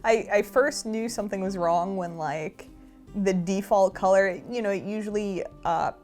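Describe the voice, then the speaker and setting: A woman's voice: mid-range voice, normal speed, darkish tone, faint music behind. A woman with a New York accent co-hosting a gaming podcast, casual and playful in conversation. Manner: playful, dramatic, laughs often. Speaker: podcast co-host.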